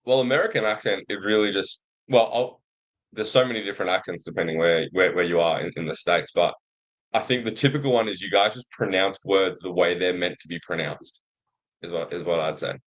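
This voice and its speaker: A man's voice: low voice, fairly quick, a bit bright, low-quality recording. A young Australian man cohosting a betting show, talking in an easygoing, hesitant way with lots of fillers. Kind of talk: casual betting chat.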